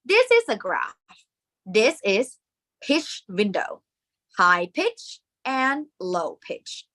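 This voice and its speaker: A woman's voice: medium pitch, huge pitch swings, extremely slow, pushed and bright. A woman with a Thai accent teaching a lesson, patiently demonstrating the sounds aloud. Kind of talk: classroom lesson.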